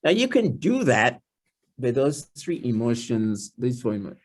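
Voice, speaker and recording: A Trinidadian-accented man, a guest speaker at a church family series, gives a seminar-style talk in a sing-song voice at a moderate pace. He explains things, often repeating words and restarting, and drops into a lower, softer voice when voicing someone's inner thoughts.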